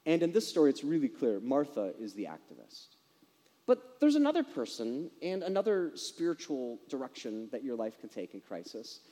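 Man, sermon, conversational preaching, rhetorical questions, very lively pitch, long hall reverb. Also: normal speed.

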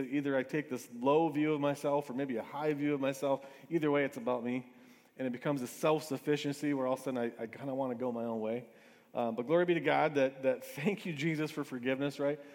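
Male preacher in a reverberant hall. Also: on the high side. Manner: conversational, with frequent restarts and asides. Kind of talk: sermon.

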